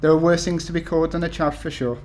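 A man's voice: a little high, fairly even intonation, quick pace, darkish tone. A man in his thirties from the UK, an author talking to an event audience with many ums and restarts, then reading his essays aloud. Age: 30s.

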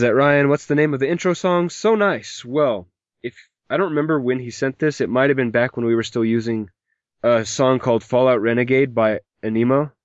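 A man's voice: medium pitch, no room sound. A man hosting a podcast, rambling from one joke to the next while he reads out listener messages. He mentions a mild migraine. The recording is dry and close, with a dull, lo-fi sound. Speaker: podcast host. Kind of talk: casual podcast chat.

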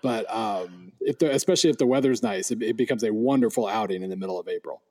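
A man's voice: on the low side, quick pace, warm tone, slightly rough. A man co-hosting a sports podcast, talking through teams in a chatty, easygoing way. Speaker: podcast co-host. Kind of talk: casual sports chat.

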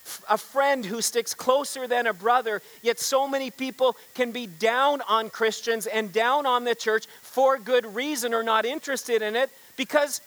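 High-voiced pastor preaching a sermon. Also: male voice, moderate pace, hardly any pauses, fairly bright tone, rough recording. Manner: storytelling with congregation call-and-response; frequent repeated words and restarts.

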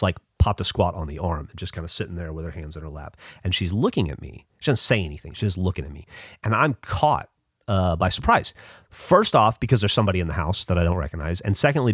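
A middle-aged man from the Southern United States hosting a podcast, telling a personal story in a halting, casual way with lots of fillers, restarts and swearing. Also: low voice, no echo, clean studio sound. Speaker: podcast host.

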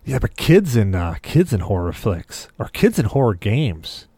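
A man's voice: lowish voice, big pitch swings, a little slow, dark tone, breathy edge, no room sound. A man telling a long story on a casual podcast, acting out the lines of the people in it as he goes. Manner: vivid storyteller who acts out quoted dialogue. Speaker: podcast co-host.

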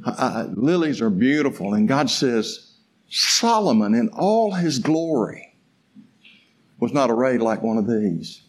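A male pastor preaching a sermon in a folksy, conversational way, stumbling into restarts and swinging from soft, slow musing to loud, fervent exhortation. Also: mid-range voice, sing-song, slight background noise.

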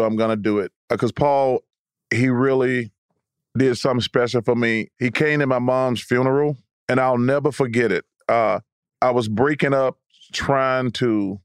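A man's voice: medium pitch, clear, resonant tone, no room sound. Joking middle-aged man telling stories, dry close sound. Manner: joking and storytelling. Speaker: show regular. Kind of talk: casual sports chat.

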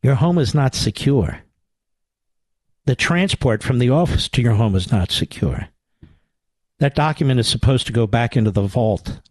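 A man's voice: mid-range voice, lively intonation, moderate pace, pauses often, a little mellow, no echo. Combative, sarcastic man hosting talk radio. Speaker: radio talk show host.

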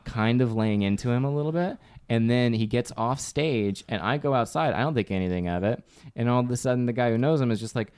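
A man co-hosting a podcast, telling a story in casual chat with an animated delivery. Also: fast talker, clear, resonant tone. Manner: animated storyteller, reads sponsor ad with playful pitch. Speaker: podcast co-host.

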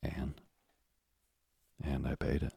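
A man reading as a frail old father, gentle and self-denying, his voice extremely deep, gravelly and husky. He speaks softly and slowly in a storybook reading. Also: monotone, dry recording, full character voice.

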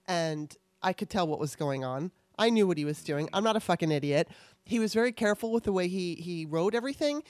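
A woman's voice: lowish voice, animated, fast talker, darkish tone, dry recording. A middle-aged woman co-hosting a casual chat show, candid and rambling, swearing freely. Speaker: podcast co-host.

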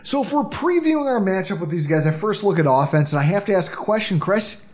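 A man hosting a sports podcast, running through the game preview with animated, dramatic delivery. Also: high-pitched, fast talker. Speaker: podcast host. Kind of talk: excited sports podcast banter.

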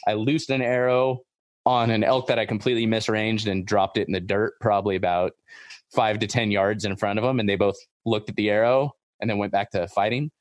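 A man hosting a podcast in casual chat, talking in an excitable, rambling way and repeating himself. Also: on the low side, a little fast, no room sound, clean studio sound. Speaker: podcast host.

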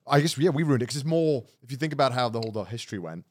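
Man, podcast host, casual chat, rambling, trails off quietly. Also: mid-range voice, expressive, rapid-fire.

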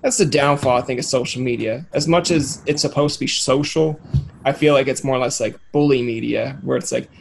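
A man's voice: medium pitch, brisk, vocal fry, slight background noise. A man hosting a podcast, chatting casually and rambling through jokey questions, often acting out imagined voices. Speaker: podcast host. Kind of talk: casual interview chat.

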